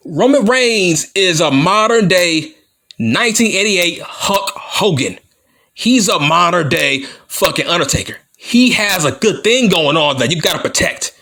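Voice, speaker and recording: Unhurried yet very animated, a high, sharp-toned man from Compton, California rants as a wrestling vlogger. His heel-style promo is taunting, combative and full of swearing, delivered in slurred, mushy speech with stutters.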